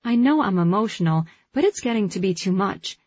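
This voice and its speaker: Husky woman narrating an audiobook. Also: mid-range voice, expressive, brisk, darkish tone, dry recording. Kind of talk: first-person scripted narration. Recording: dull lo-fi recording.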